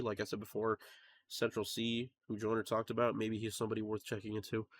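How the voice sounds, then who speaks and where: Hosting a music reaction video, a man with a gravelly, fairly low voice chats in a laid-back way. His talk meanders, peppered with filler words and restarted sentences.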